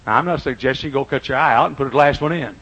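Husky older preacher, quiet to booming. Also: male voice, lo-fi sound. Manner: folksy preaching, swings from quiet to loud and drawn-out. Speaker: pastor. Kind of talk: sermon. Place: church auditorium.

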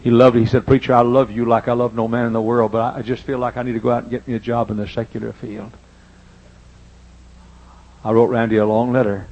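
An older man preaching a sermon in church, telling personal stories and swinging between loud emphasis and hushed asides. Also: medium pitch, little pitch movement, quick pace, dull audio. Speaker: pastor. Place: church sanctuary.

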